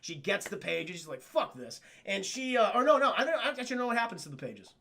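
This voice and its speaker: Profane, animated young man retelling a cartoon. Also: fast talker, creaky. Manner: animated, profane, swoops up and down the pitch when quoting characters. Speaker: cartoon reviewer streaming to chat. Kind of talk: casual retelling of an episode to a live chat.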